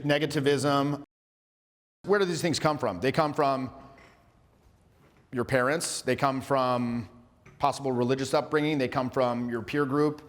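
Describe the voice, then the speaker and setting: A man in his forties, a social skills coach giving a workshop lecture, talking in an animated, casual way with some swearing as he acts out short exchanges. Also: mid-range voice. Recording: long hall reverb.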